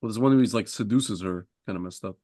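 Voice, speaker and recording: A man's voice: on the low side, fast talker, warm tone. A man co-hosting a podcast, chatting casually in an offhand, easygoing way. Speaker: podcast co-host. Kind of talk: casual chat.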